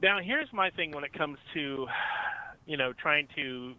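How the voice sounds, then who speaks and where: A man calling into a radio show, asking his question in a hesitant, halting way over the phone. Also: a little high, lively intonation. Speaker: caller. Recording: tinny phone line.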